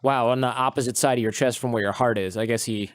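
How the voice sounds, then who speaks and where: A man hosting a podcast, asking measured and curious questions and summing up his guest's story. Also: mid-range voice, steady tone, dry recording. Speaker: podcast host. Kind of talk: interview questions.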